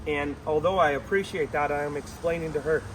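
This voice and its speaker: Male dog trainer, slightly high-pitched, recorded outdoors with steady background noise. Mixes upbeat praise with calm, instructive explanation. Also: fairly quick.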